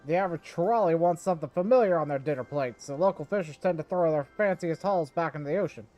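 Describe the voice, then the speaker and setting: A man's voice: a little high, quick pace, a little mellow, soft background music, voice pushed up, lightly acted. A man voicing an eccentric, theatrical male fishmonger, reading his lines with grand storyteller flair.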